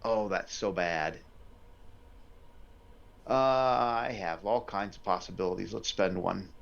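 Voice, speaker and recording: Brief: male game master, low gravelly drawl, unhurried, muffled lo-fi stream audio. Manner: thinks aloud over dice rolls, unhurried. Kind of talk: running a tabletop game. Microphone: headset or desk mic on a live stream.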